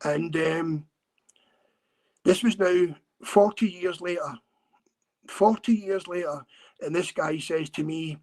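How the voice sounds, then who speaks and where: A man from Scotland, a guest on a podcast interview, telling his story earnestly with many halting repeats and restarts. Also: fairly high pitch, a little mellow.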